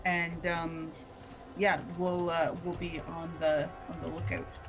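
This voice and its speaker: A woman's voice: fairly low pitch, little pitch movement, takes it slowly, over music. A woman playing her character in a tabletop game, hesitant and often restarting her sentences. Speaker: player.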